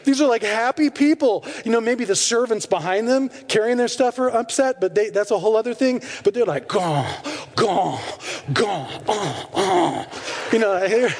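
A man's voice: extremely high pitch, a little fast, few pauses, a little mellow, in a large hall. A male preacher giving a sermon, telling stories candidly and animatedly with self-deprecating humor.

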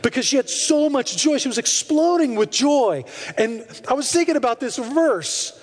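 A man's voice: very high-pitched, animated, moderate pace, long reverb tail. A male preacher giving a sermon, telling stories candidly and animatedly with self-deprecating humor.

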